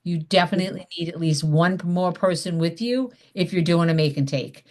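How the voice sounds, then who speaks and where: A woman's voice: on the low side, moderate pace, darkish tone. Chatty woman teaching over a video call. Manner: chatty, emphatic, acts out upbeat phone invitations. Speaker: direct sales mentor. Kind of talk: zoom class teaching.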